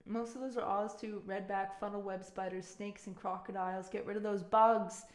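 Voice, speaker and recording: A woman's voice: medium pitch, little pitch movement, normal speed, echoey room, soft background music. A woman with a Canadian accent, chatting casually with her live-stream chat in a giggly, talkative way. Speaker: music streamer.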